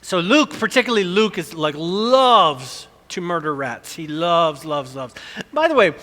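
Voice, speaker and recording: Man, middle-aged, pastor, sermon, animated storytelling, high voice, long hall reverb. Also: measured pace. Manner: animated storytelling, acting out screams.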